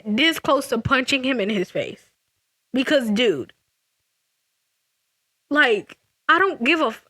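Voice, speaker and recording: A young woman with a high, bright voice tells a storytime to her camera. She talks with a sassy, animated swing and jumps all over her range. The sound is close and dry. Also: dry recording. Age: young adult. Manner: animated and sassy, laughing, frequent restarts. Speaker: vlogger. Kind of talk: casual storytime vlog.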